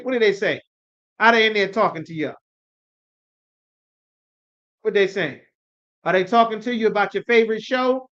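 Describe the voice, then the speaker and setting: An emphatic man preaching to a scripture class, driving his points home with rhetorical questions and a steady "you understand?" The recording is somewhat dull and lo-fi, with a muffled top end. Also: high-pitched, smooth.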